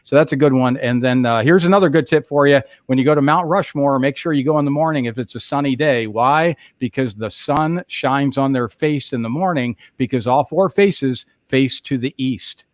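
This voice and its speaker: A man's voice: mid-range voice, normal speed, few pauses, no room sound, studio quality. A man chatting casually on a livestream, telling stories and giving travel tips with frequent laughter. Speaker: co-host.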